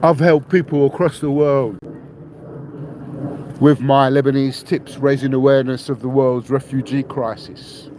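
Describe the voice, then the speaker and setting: A man's voice: medium pitch, steady tone, unhurried, dark tone, a little hiss or hum, poor audio. A man, hosting a podcast monologue, repeating himself, swearing, and ending lines with "yeah?". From England, raised in London. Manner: repetitive, tags statements with "yeah?"; blunt and defiant, swears. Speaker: podcast host. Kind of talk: rambling monologue to listeners.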